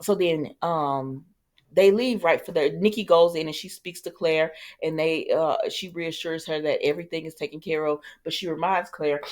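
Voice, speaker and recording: A woman's voice: sits low, moderate pace. A woman casually recapping soap opera scenes in a sassy, chatty way, talking straight to her viewers and acting out the characters' lines.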